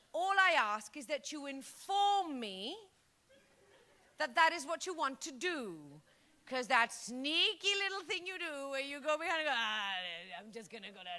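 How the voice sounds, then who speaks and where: A Greek woman in her thirties doing a stand-up comedy set on stage, lively and punchy, acting out her bits. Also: high-pitched. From Greece. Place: comedy stage before a live audience.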